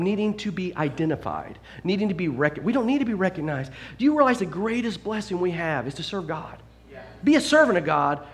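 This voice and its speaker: A middle-aged man preaching a sermon as a pastor, telling self-deprecating stories with lots of restarts. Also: a little high. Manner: animated, self-deprecating storytelling with frequent restarts.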